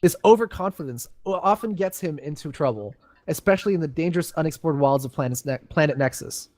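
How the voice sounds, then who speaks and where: A man's voice: on the high side, lively intonation, fast talker, a little mellow, no room sound, studio quality. A young man reading game lore aloud on voice chat, breaking off for chatty, self-mocking asides. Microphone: headset on voice chat.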